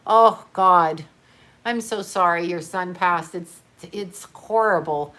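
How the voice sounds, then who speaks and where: A middle-aged woman hosts an unscripted livestream, reading viewer comments while grieving. She talks in a halting, emotional way, full of fillers and restarts, swearing casually. Her voice is fairly low with a sharp tone.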